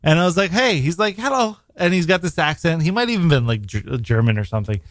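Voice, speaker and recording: A man's voice: on the high side, animated, quick pace, dry recording. Dry-sounding man telling rambling stories. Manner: rambling storyteller, laughs often. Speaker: podcast co-host. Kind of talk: casual chat. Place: New York.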